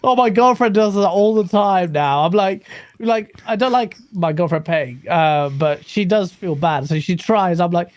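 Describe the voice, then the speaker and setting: A man's voice: sits high, unhurried, dry recording. A young man with an English accent co-hosting a gaming podcast, playful and laughing often as he chats. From England. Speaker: podcast co-host. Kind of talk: casual podcast chat.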